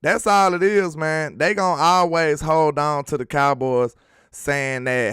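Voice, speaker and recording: A sports talk show host with a fairly high, steady, bright, clear, and resonant voice speaks at normal speed on a casual livestream. He reads viewer comments and riffs on them in emphatic slang, fired up about his team. The recording is dry with clean studio sound.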